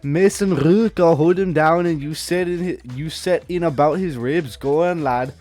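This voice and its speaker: A man voicing a brash, foul-mouthed Scottish woman wrestler in a put-on Scottish accent, loud and mocking. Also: on the high side, normal speed, faint music behind, lightly acted.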